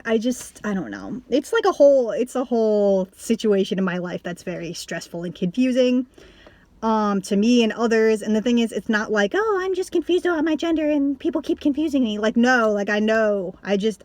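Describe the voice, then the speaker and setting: In a dry recording, a young woman speaks at medium pitch and normal speed, vlogging casually to camera. She rambles, leans on "like," restarts and swears, and her animated delivery is punctuated by bursts of laughter.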